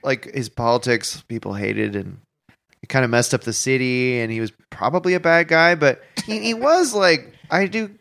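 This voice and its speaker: A young Canadian man co-hosting a casual comedy podcast, rambling and animated, his voice sounding strained and odd. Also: medium pitch, moderate pace, vocal fry. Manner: rambling, animated, laughs a lot. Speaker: podcast co-host.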